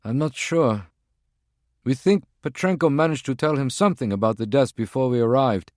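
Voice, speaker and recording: A man's voice: mid-range voice, normal speed, a little mellow, dry recording, clean studio sound, voice pushed up, close to an everyday voice. A man voicing a male henchman who reports by secure phone in an urgent, clipped, strained way. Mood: tense.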